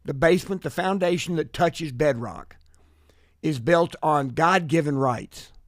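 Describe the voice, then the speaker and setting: A man's voice: a little high, unhurried, no echo, clean studio sound. An American man hosting a political talk radio show, speaking earnestly and often restarting his sentences. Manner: earnest, many restarts and repeated words.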